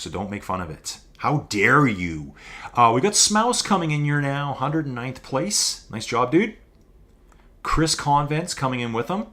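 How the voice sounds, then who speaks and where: A man with an Albertan Canadian accent commentates a live-streamed race in a casual, rambling way. His voice sits a little low, and he wanders off into joking asides between calls. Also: fairly bright tone.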